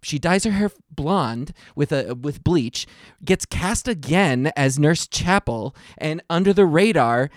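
A man co-hosting a casual podcast chat, telling backstory with animated, acted-out quotes. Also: a little high, slow pace, no echo, studio quality. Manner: animated storyteller, acts out quotes in raised voices. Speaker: podcast co-host. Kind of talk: casual chat about a TV show.

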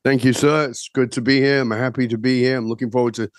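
A man in his sixties from Northern England, a podcast guest telling his life story in a measured, reflective way. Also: mid-range voice, flat delivery, dry recording, studio quality.

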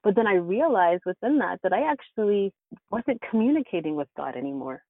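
Telling her life story as an interview guest, a woman speaks a little fast in an expressive, medium-pitched voice. Her tone is earnest and reflective, punctuated by bursts of laughter, heard over a tinny, dry, phone-like line.

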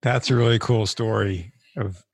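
An interview host speaking calmly and affirmingly about faith and connections. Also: mid-range voice, normal speed, gravelly, slightly rough.

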